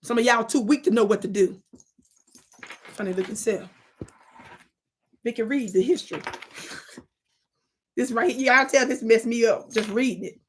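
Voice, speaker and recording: A woman hosting a live stream, reading history aloud and calling out to her chat in an animated, preachy way. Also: a little high, normal speed, long pauses, a little hiss or hum. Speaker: livestream host.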